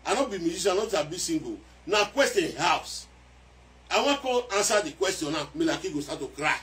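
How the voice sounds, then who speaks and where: A man with a Nigerian accent giving excitable casual commentary on a song, repeating phrases as he goes. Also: a little high, a little fast, far from the mic. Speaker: music commentator.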